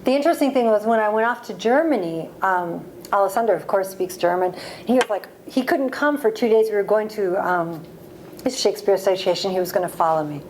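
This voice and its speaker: A woman in her forties from the United States, an author answering audience questions with lively, laughing stories. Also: mid-range voice, fairly quick, slight background noise. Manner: lively storytelling, laughs often. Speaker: author at a library talk. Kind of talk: reading and audience Q&A. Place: library event room.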